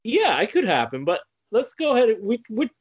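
Lively man hosting a podcast. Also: sits high, brisk, slightly rough, dull audio. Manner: lively, guiding questions. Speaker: podcast host. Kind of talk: casual interview.

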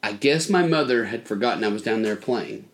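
A man telling a childhood story on a casual podcast, acting out the voices of the people in it. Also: a little fast. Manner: animated storyteller, acts out voices with big pitch jumps. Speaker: podcast co-host.

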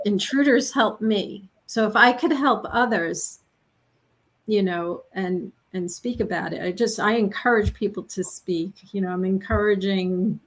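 A middle-aged woman, a guest in an interview, speaking earnestly and haltingly as she searches for words. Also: mid-range voice. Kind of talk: conversational interview.

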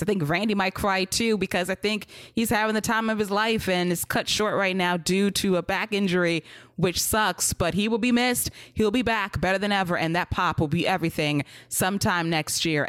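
A woman with a fairly low voice co-hosts a casual wrestling podcast, animated and teasing as she rants. The sound is dry and close, with no room around her. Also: no room sound. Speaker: podcast co-host.

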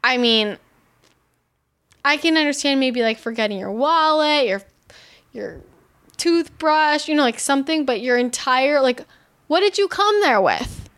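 A woman casually recapping a reality show, animated and exasperated, swearing freely and saying "like" constantly. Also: high-pitched, a little slow, pauses often. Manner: animated, swearing, heavy use of "like"; exasperated, sarcastic commentary. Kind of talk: casual chat.

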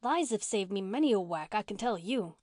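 A woman's voice: medium pitch, expressive, fairly quick, a little mellow, dry recording, clean studio sound, lightly acted. A woman reading an audiobook and voicing a blunt, touchy orphan girl who talks in country slang.

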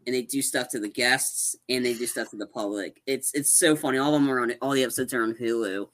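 A man's voice: mid-range voice, fast talker, fairly bright tone. A man co-hosting a podcast, rambling animatedly through a movie recap with many restarts. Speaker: podcast co-host. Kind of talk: casual chat recapping a movie.

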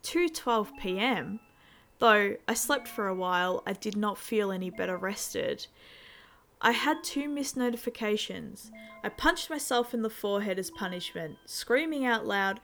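A woman with a fairly high voice tells a first-person suspense story in a tense, steady read. Soft music sits faintly under her narration. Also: a little slow. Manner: tense, steady storytelling with sudden shouted outbursts.

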